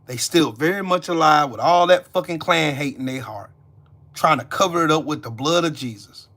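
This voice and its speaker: Male channel host, heated accusatory rant, repetitive and profane, tense bright edge. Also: fairly high pitch, normal speed. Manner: heated, cursing, accusatory, repeating lines. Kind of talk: angry profane rant to camera.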